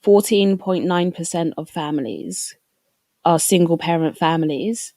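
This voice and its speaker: A woman's voice: lowish voice, measured pace, mellow, dry recording. Woman guest making her case firmly. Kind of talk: casual debate on a livestream.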